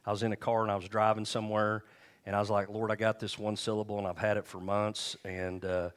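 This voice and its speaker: A middle-aged male pastor preaching a sermon and telling stories, acting out quotes with shifting pitch and volume. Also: flat delivery, fast, clear, resonant tone.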